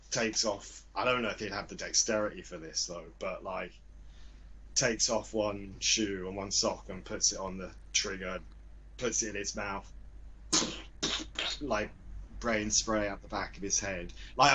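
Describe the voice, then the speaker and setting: A man co-hosting a casual chat, giggly and spinning absurd dark jokes. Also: lowish voice, slightly rough. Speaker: co-host.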